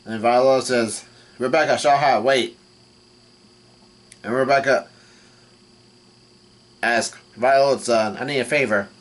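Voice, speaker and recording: The speaker is a male manga reaction vlogger, mid in pitch, recapping casually as he goes through the pages. His halting delivery is marked by frequent restarts and fillers, and quotes are read flatly.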